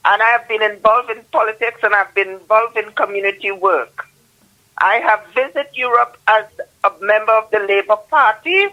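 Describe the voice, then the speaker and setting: A woman's voice: a little high, highs cut off. A woman calling in to a radio phone-in show, who argues insistently and counts off her points one by one. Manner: insistent, lists numbered points. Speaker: caller.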